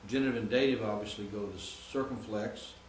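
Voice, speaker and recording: A man's voice: fairly low pitch, a little fast, slight background noise. Man lecturing in an echoey classroom. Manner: explanatory, recites word forms. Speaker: Greek teacher.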